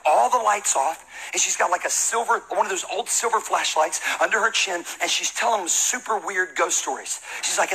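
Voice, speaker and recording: A man's voice: sits high, normal speed, slightly rough, low-quality recording. A man preaching a sermon to a congregation, telling a comic story and acting out the voices of the people in it. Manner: animated, acts out quoted voices, laughs and shouts. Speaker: pastor.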